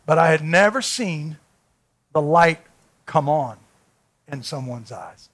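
A preacher with a high, bright voice tells a story from the pulpit of a church. His delivery swings from hushed, intimate asides up to loud, fervent peaks. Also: lively intonation, takes it slowly. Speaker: pastor. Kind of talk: sermon. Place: church sanctuary.

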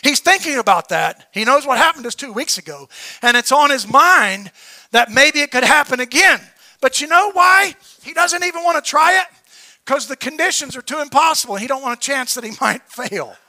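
A man preaching a sermon, telling a story with fervor, often shouting and tripping over repeated words. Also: very high-pitched, lively intonation, normal speed.

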